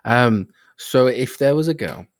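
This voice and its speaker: A man's voice: medium pitch, lively intonation, measured pace, dry recording. A young man chatting casually as a podcast co-host, hesitant and teasing, with a lot of swearing. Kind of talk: casual chat.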